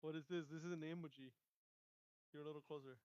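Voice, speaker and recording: A man's voice: fairly high pitch, steady tone, fast talker, darkish tone, clear, resonant tone, dry recording, lo-fi sound. A man co-hosting a casual podcast, reading out comments and reacting with short, laid-back slang. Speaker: podcast co-host.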